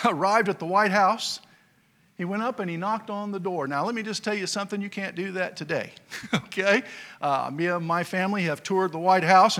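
A male pastor preaches in a folksy, storytelling manner, sprinkling in fillers as he goes. His voice sits somewhat high for a man. He swings between loud, emphatic lines and quiet asides. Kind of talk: sermon.

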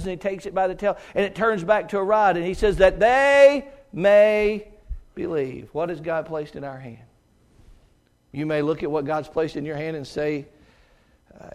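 A middle-aged man preaching a sermon in a church auditorium. His voice sits high for a man, and he swings from loud, ringing exclamations down to hushed, almost whispered asides. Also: moderate pace.

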